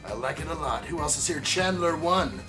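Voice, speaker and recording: A man's voice: fairly high pitch, fairly quick, over music. Upbeat man chatting on a live stream. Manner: upbeat, greets viewers by name, chatty. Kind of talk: casual live-stream chat while building.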